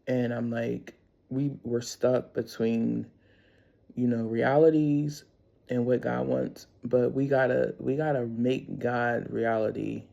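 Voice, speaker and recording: Middle-aged woman, casual faith vlog, candid and rambling, raspy fry, dull lo-fi sound. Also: a bass voice, flat delivery, slow pace, warm tone. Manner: candid and rambling, with frequent laughs. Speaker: vlogger.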